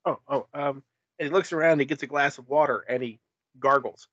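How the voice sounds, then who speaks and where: A man's voice: medium pitch, fast talker, fairly bright tone, no room sound, highs cut off. A man in casual podcast chat, talking hesitantly with many filler words and restarts.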